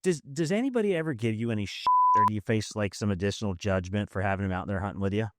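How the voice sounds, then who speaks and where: A man's voice: fairly low pitch, animated, rapid-fire, fairly bright tone, a little hiss or hum. A man hosting a podcast interview, chatting casually with folksy sayings. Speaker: podcast host.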